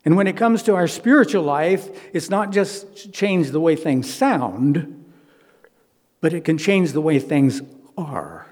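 Earnest preacher in a reverberant church. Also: male voice, a little high, lively intonation, slow pace, a little mellow. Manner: earnest, conversational preaching with rhetorical questions. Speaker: pastor. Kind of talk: sermon. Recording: long hall reverb.

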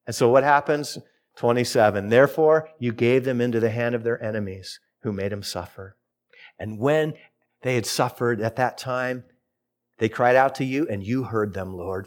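A middle-aged man preaching a sermon, telling a personal story and reading scripture with lively, expressive delivery. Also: moderate pace. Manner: storytelling, animated with big pitch swings. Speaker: pastor.

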